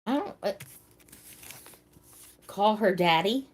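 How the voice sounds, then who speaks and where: A woman hosting a casual live stream, chatting with viewers by name and thinking out loud. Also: mid-range voice, lively intonation, takes it slowly. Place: seated at home in a wheelchair.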